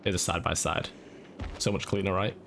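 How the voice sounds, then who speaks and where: A man giving a casual, monotone how-to voice-over for a game guide. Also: deep voice, moderate pace, noisy background. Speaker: gaming YouTuber. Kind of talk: screen-recorded how-to voice-over.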